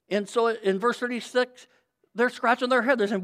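A middle-aged man preaching a sermon, explaining scripture and swinging from loud emphasis to quiet asides. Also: extremely high pitch, normal speed. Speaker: pastor.

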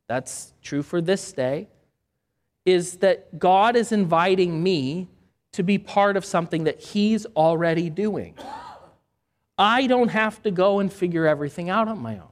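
A man, a pastor, reading scripture aloud and preaching a sermon, breaking in with conversational asides. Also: high-pitched.

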